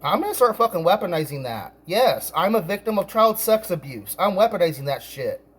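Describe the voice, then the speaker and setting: A man telling a story in an angry rant, stammering and repeating himself, now and then bursting into shouts. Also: high-pitched, very animated, fairly quick, slightly rough. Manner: many restarts and stammered repeats. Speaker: vlogger.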